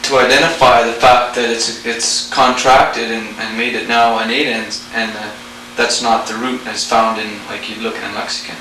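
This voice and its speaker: A male student answering in class, halting and repeating himself. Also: mid-range voice, level tone, bright, forceful tone, a little hiss or hum. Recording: echoey room tape from far off.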